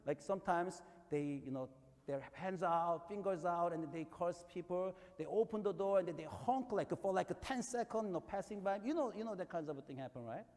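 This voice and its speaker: A pastor with a Korean accent delivers a sermon in a loose, conversational way, telling stories and building to emphatic peaks. His voice is a little high for a man, slightly mellow and moderately paced, with long reverb like a large church hall.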